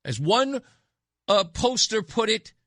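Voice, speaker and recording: A man's voice: sits high, very animated, slow pace, fairly bright tone, no room sound. A man hosting a talk radio show, speaking bluntly and emphatically into a studio microphone, repeating his points for effect. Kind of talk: opinionated talk radio monologue.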